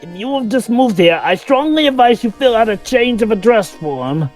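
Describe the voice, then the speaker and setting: A man's voice: extremely high pitch, animated, normal speed, soft background music. A man voicing a fussy, nerdy male village hall clerk in a video game let's play, with a nasal, officious manner. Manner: officious, bureaucratic.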